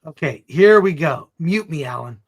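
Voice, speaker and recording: A man's voice: on the high side, expressive, moderate pace. A man co-hosting a live election stream, joking and reading memes aloud. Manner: jokey, reads memes aloud. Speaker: co-host. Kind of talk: livestream chat.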